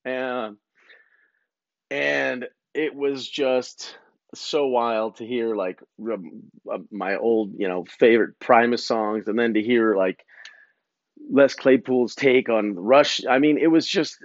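A podcast host tells a long, casual story in rambling slang, laughing between phrases, during an outdoor break on his home property. His voice is medium-pitched and slow, captured in a dull, dry lo-fi recording.

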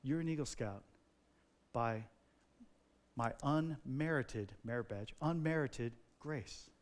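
A man voicing Jesus in a retold dream, speaking softly, slowly and tenderly. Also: medium pitch, lively intonation, pitched below the performer's own voice, close to an everyday voice. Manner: soft, slow and hushed.

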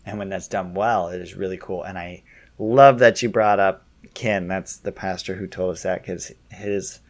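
A man co-hosting a podcast, chatting casually and affirming his partner, often pausing on fillers. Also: sits low, steady tone. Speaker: podcast co-host. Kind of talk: casual conversation.

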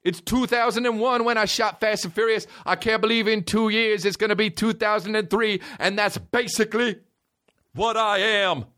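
A man doing a comic impression of an excitable male rapper, giddy and chanting the same rhyme over and over. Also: high voice, moderate pace. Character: excitable adult male rapper, hyped, repeating one rhyme.

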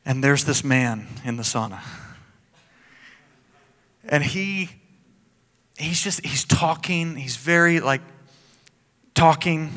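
A man preaching as pastor, telling a personal story in an animated, joking way with laughs and asides. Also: medium pitch, slow pace, pauses often, long reverb tail. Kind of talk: sermon.

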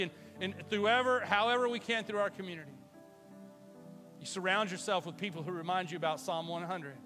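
A male pastor giving a livestreamed sermon in a casual, animated way, swinging from loud exclamations to hushed, near-whispered storytelling. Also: sits high.

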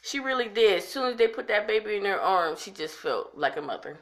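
Female podcast host, chatty and emphatic, middle pitch. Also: lively intonation, fairly quick. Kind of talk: casual chat recapping a soap opera.

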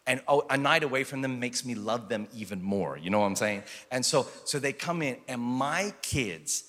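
A man in his thirties preaching a conversational sermon as pastor, telling stories and rising into loud, excited preaching. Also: mid-range voice, normal speed, big-room sound. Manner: conversational, building to shouted preaching.

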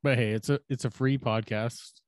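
A man's voice: mid-range voice, fairly even intonation, moderate pace, no room sound, studio quality. A young man co-hosting a casual podcast, rambling and crude, mocking himself and laughing often. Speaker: podcast co-host.

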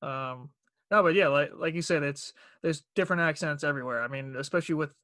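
A man with a Long Island New York accent chats as a guest on a podcast. He is easygoing and laughs often, and his voice sits a little high. The close mic sounds dry, with no room echo. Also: brisk, sharp tone. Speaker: podcast guest, banker and voice actor. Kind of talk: casual podcast chat.

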